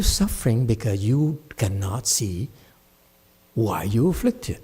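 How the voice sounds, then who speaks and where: A man, a meditation master giving a dharma talk at a temple, scolding a student bluntly, shifting from low, measured speech to loud, high outbursts. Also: animated, slightly rough.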